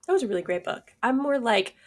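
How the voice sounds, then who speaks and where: A woman co-hosting a podcast in casual chat, animated and dramatic, acting out her own reactions. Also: a little high, fast. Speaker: podcast co-host.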